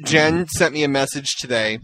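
A man's voice: medium pitch, moderate pace, dry recording. A man co-hosting a podcast, chatting casually and spinning exaggerated, jokey stories. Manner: animated storytelling, jokey exaggeration. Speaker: podcast co-host. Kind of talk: casual chat.

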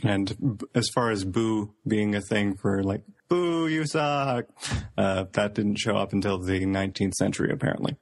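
A man co-hosting a casual chat, sharing trivia with many pauses and fillers. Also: fairly low pitch, level tone. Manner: hesitant, filler-heavy trivia telling. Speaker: podcast co-host.

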